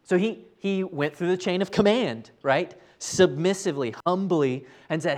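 Preacher with a higher voice. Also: male voice, moderate pace, few pauses, a little mellow. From United States. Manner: tags many sentences with "right?"; casual, earnest storytelling. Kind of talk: conversational sermon.

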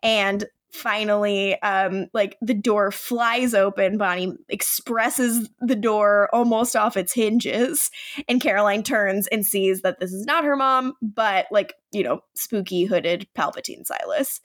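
A young woman co-hosting a podcast, recapping a TV episode in an animated, casual way that is full of "like". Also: mid-range voice, slow pace. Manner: animated storytelling, acts out quoted lines, frequent "like". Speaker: podcast co-host.

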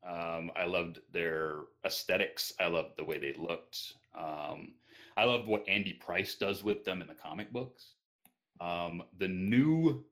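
A man answering interview questions casually, hesitant with frequent pauses and restarts. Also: low voice, fairly bright tone. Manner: hesitant, many ums and restarts. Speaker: interview guest.

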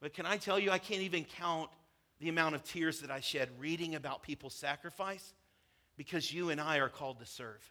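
A man preaching a sermon as a pastor, telling a parable with animated voices for its characters. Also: a little high, a little fast.

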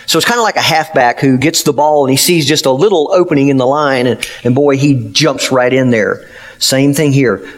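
A man's voice: medium pitch, normal speed. A man pastor preaching a sermon, retelling a story earnestly with emphatic, plain-spoken applications.

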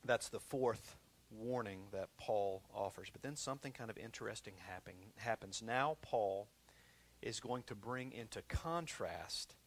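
A male pastor with a lowish voice preaches at a measured pace, keeping it conversational. He repeats himself a lot, swinging from loud emphasis to quiet, hushed moments.

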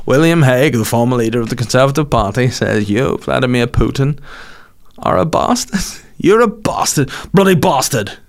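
A man's voice: medium pitch, expressive, normal speed, creaky. A man putting on a pompous, formal middle-aged male politician who speaks in a stiff, self-important way.

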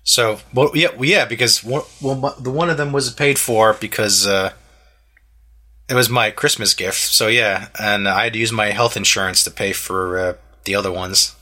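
A man in his thirties chats casually with a bright, forward tone. He rambles through a story, full of "like" and restarts, slipping into quick impressions of the people he met. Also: lowish voice, steady tone. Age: 30s. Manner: rambling storyteller, many fillers and restarts, acts out quotes. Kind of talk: casual chat.

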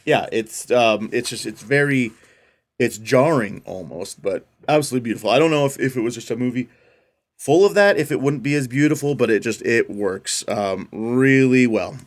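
A man's voice: medium pitch, animated, moderate pace. A man casually recapping a film on a podcast, rambling and enthusiastic, acting out quotes in changed voices. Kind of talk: casual chat.

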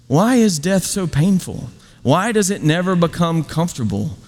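A man's voice: sits high, big pitch swings, normal speed, darkish tone, long reverb tail. A man preaching a sermon as pastor, emphatic and conversational, full of rhetorical questions.

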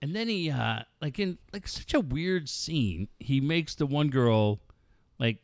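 Animated, profane man telling stories. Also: fairly high pitch, measured pace, no echo, clean studio sound. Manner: profane, animated storytelling with frequent laughs. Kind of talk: casual chat, swapping crude stories.

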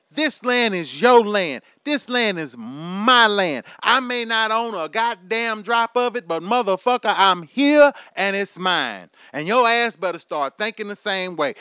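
A man's voice: high-pitched, sharp tone, clear, resonant tone, no room sound, studio quality. A man in his thirties delivering a heated, profane, preachy rant straight to his audience. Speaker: vlogger.

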